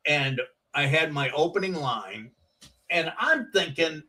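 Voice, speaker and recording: A man's voice: on the high side, expressive, slow, pushed and bright, distant mic. A middle-aged man, a guest comedian, telling rambling anecdotes on a chat show and acting out the quotes.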